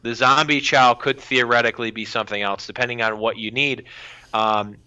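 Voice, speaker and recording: A man co-hosting a podcast, analysing a card game in casual chat and often pausing to find his words. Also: medium pitch, steady tone, bright, forceful tone, clear, resonant tone. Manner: hesitant, many filler pauses. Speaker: podcast co-host. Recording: dull lo-fi audio.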